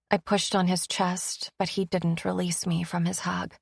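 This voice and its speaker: A woman's voice: on the low side, level tone, unhurried, creaky, few pauses, breathy edge, no echo, clean studio sound. A woman narrating a first-person romance audiobook in an emotive, intimate reading.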